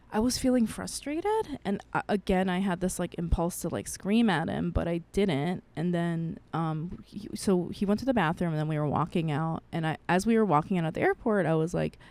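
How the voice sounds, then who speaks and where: A woman's voice: on the low side, expressive, normal speed, a little mellow. A woman podcast co-host in her thirties, telling a personal story in a candid way, swearing freely and acting out what people said. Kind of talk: casual chat, personal storytelling.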